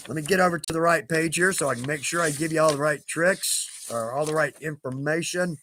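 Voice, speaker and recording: A man's voice: a little high, fairly quick, a bit bright, a little hiss or hum. A man hosting a leathercraft livestream in casual chat, rambling, restarting and laughing at himself. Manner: chatty, self-interrupting, laughs at himself. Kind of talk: casual live-stream chat.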